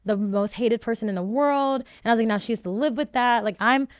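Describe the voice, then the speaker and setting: A reality show contestant, guesting on a podcast, pours out her side of the story in a candid interview, emotional and rambling, circling back with restarts and plenty of "like"s. Her smooth, clear voice is a little high and brisk, recorded dry and close with no room sound.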